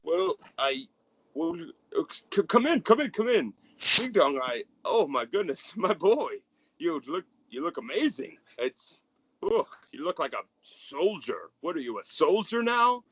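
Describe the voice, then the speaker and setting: A man's voice: fairly high pitch, sing-song, a little slow, slightly rough, no room sound, voice pushed up, full character voice. A man voicing a merry, balding, plump older father who gushes with joy and stumbles over his welcome. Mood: gushing. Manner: effusive, flustered, gushing.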